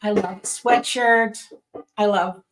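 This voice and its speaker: A woman sewing instructor talks through a tutorial at her sewing machine. Her voice sits at a middle pitch, and she chats casually as she goes. She often checks in with her viewers. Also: fairly even intonation, slow. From Western Pennsylvania. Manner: chatty, explains step by step with frequent "right?" and "okay?".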